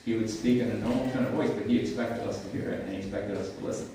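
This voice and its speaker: An older man preaching a sermon in a church, speaking conversationally with frequent halting restarts. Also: fairly low pitch, fairly even intonation, noisy background. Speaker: pastor. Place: church sanctuary. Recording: echoey church livestream from far off.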